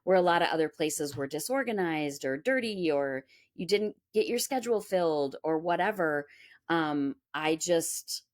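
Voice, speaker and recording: Interviewed about the music school she runs, a woman from Minnesota speaks at normal speed in a low voice. She spins chatty, animated stories and performs the quoted voices of people in them.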